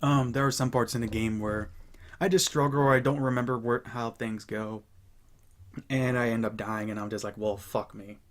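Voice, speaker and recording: A young man chatting casually as host of a gaming channel, rambling and relaxed with many fillers and restarts. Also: mid-range voice, normal speed. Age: young adult. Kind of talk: casual chat.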